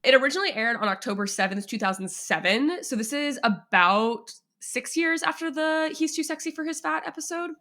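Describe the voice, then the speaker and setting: A woman co-hosting a podcast in casual chat, talking in quick restarts and laughing often. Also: high-pitched, animated, bright, forceful tone. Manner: chatty, self-interrupting, laughs often. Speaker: podcast co-host.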